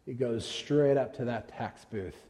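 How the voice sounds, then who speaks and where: A man's voice: medium pitch, measured pace, warm tone, long reverb tail. A man preaching a conversational sermon, retelling scenes and acting out the quotes. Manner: storytelling with acted-out quotes, conversational. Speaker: pastor.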